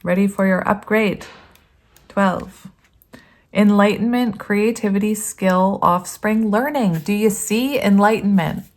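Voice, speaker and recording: A woman's voice: mid-range voice, measured pace, few pauses, a little mellow. A woman giving a casual tarot reading to her viewers, chatty and rambling, often laughing and reading card meanings aloud. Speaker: tarot reader.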